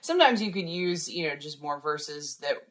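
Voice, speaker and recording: A woman's voice: deep voice, animated, normal speed, a bit bright. A woman co-hosting a sea shanty show, chatting and joking and singing the responses. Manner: chatty, jokes, sings responses. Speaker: co-host. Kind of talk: casual chat.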